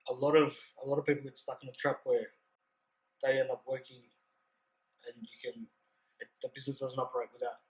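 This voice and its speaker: A man's voice: medium pitch, level tone, brisk, pauses often, poor audio. A man hosting a business podcast, prompting his guest with casual, hesitant questions. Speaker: podcast host. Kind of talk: casual interview chat.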